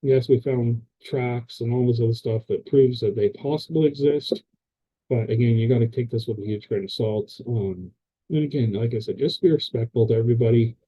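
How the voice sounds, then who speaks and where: A man's voice: mid-range voice, normal speed, warm tone, husky, rough recording. A man hosting a paranormal podcast, talking casually to his camera in a rambling, hesitant way with many fillers and restarts. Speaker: podcast host. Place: indoors at a camera.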